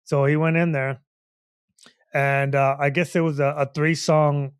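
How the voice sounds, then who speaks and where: A man's voice: fairly high pitch, level tone, unhurried, smooth, no room sound, studio quality. A man in his forties co-hosting a comedy podcast, telling a rambling story and leaning on "you know what I mean". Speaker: podcast co-host.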